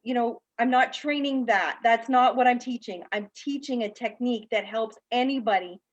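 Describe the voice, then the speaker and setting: A woman's voice: on the high side, moderate pace. Candid storytelling woman, lo-fi call audio. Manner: candid, animated storyteller who acts out the people in her story. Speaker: guest speaker, practitioner and teacher. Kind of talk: personal story told in a panel talk. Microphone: video call.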